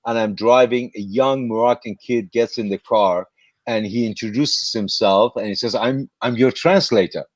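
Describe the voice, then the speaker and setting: Older man telling animated stories. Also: on the low side, normal speed, no room sound. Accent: speaks English with a non-native accent. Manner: lively, acts out voices in his stories. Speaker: actor guest. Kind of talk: animated anecdote storytelling.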